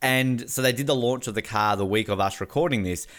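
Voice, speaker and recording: A man's voice: mid-range voice, a little fast, a bit bright. A man co-hosting a podcast in casual chat, rambling and joking with crude asides. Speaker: podcast co-host.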